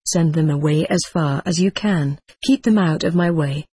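A reader voicing a grumpy, disdainful old male author who gives curt, scornful refusals in a husky voice. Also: medium pitch, normal speed, dark tone, no echo, clean studio sound. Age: older.

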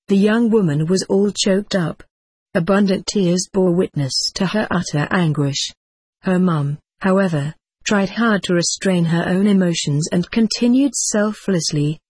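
A woman narrating a sentimental story in a measured, gentle audiobook style. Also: fairly low pitch, husky, no room sound.

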